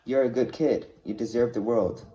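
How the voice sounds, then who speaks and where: A man reading aloud as an earnest middle-aged male teacher, speaking low and intently on a dull lo-fi recording. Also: moderate pace, warm tone, close to an everyday voice.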